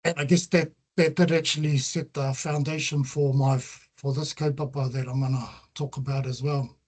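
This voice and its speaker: With a level, darkish mid-range voice and a breathy edge, a middle-aged man speaks at a moderate pace in a New Zealand accent. He earnestly reflects on his research in a slide talk, mixing Māori terms into his English.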